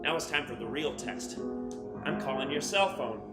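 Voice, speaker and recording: A man playing a gruff, pushy driving coach giving a pep talk on a live stage. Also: mid-range voice, lively intonation, moderate pace, lightly acted. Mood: barking. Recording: live stage with room echo and music.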